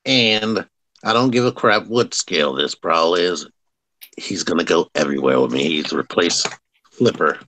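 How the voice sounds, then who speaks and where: A man's voice: low voice, a little slow, bright, forceful tone, no room sound. A man co-hosting a casual podcast, blunt and enthusiastic. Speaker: podcast co-host.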